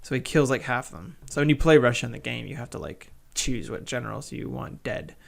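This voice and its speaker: Gravelly man narrating a strategy game. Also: medium pitch, animated, a little fast. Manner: wry, joking play-by-play. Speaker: gaming channel host. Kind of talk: casual game commentary.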